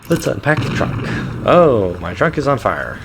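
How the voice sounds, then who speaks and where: A man's voice: mid-range voice, sing-song, a little slow, vocal fry, background noise. A man streaming a game live, reading the game text aloud with amused asides and chuckles. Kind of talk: live gameplay commentary.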